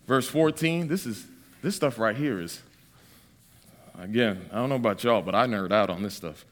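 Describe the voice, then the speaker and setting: A man's voice: on the low side, lively intonation, moderate pace. A man in his thirties from Massachusetts preaching a sermon, mixing Bible readings with joking stories. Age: 30s.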